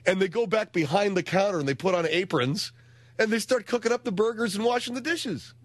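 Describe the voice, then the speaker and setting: A middle-aged American man hosting a talk radio show, telling stories in a wry, animated way. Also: high-pitched, brisk, dry recording. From United States.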